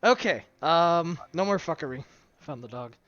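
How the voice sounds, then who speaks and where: A man's voice: fairly high pitch, lively intonation, moderate pace, fairly bright tone, no room sound. Hesitant male game master on a call. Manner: hesitant, lots of ums and self-corrections. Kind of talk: running an online tabletop game. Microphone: online voice call. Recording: dull lo-fi voice-call audio.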